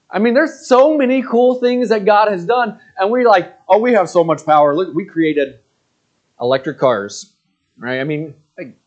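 A man's voice: fairly high pitch, highs cut off. A man in his thirties giving a casual, rambling sermon, full of fillers and joking asides. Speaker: pastor.

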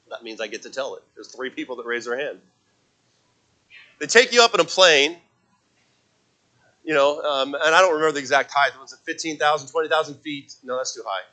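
A man preaching a sermon as pastor, telling a story with many restarts and fillers and acting out shouted voices. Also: on the high side, low-quality recording. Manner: acts out shouted voices in his stories. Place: church.

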